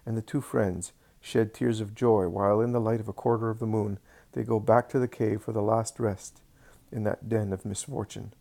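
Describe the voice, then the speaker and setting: Low-voiced man reading a devotional story. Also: normal speed, creaky. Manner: steady, reverent narration. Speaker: reader.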